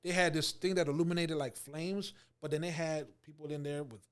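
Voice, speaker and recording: A man in his forties telling an animated story in an interview, acting out what people said and laughing often. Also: a little high, brisk, clean tone. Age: 40s. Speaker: actor guest.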